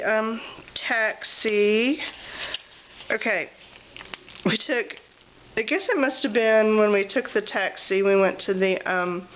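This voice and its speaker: A woman's voice: medium pitch, lo-fi sound, slight background noise. A woman with a cough, chatting casually with lots of ums as she flips through her travel journal. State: has a cough, clears her throat. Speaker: vlogger.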